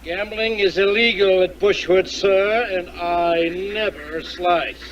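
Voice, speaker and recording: A stuffy, haughty golfer who talks slowly and primly. His voice is high and lively. The film audio carries noise and places him away from the mic. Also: muffled recording. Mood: disapproving. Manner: slow, prim, disapproving.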